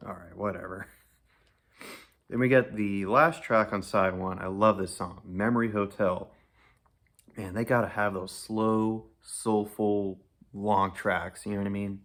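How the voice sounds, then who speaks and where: A man's voice: lowish voice, steady tone, measured pace, fairly bright tone. A man giving a casual, enthusiastic, rambling album review, laughing often and gushing over songs. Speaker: music reviewer.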